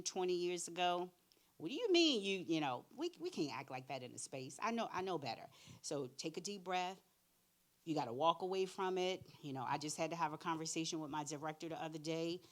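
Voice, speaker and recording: Low-voiced, animated woman storyteller. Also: moderate pace. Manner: animated storyteller, acts out both sides of conversations; direct, candid, plain-spoken. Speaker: career readiness speaker. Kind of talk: church workshop talk with acted-out anecdotes.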